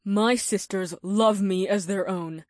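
A woman's voice: mid-range voice, takes it slowly, darkish tone, dry recording, lightly acted. A woman reading a stubborn young witch in an audiobook, proud and defiant, brushing off every doubt. The voice sits mid-range and close, recorded dry with no room. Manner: defiant, insistent.

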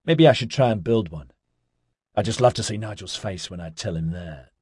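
A man voicing a laid-back, chatty young man who talks in hippie slang with an excitable drawl. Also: lowish voice, normal speed, slightly rough, dry recording, clean studio sound. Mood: rambling.

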